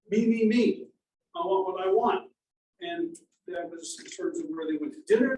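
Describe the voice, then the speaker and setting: High, animated man teaching in a roomy space. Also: gravelly, distant mic, slight background noise. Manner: conversational, animated, acts out quoted voices. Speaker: Bible teacher. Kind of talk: teaching sermon.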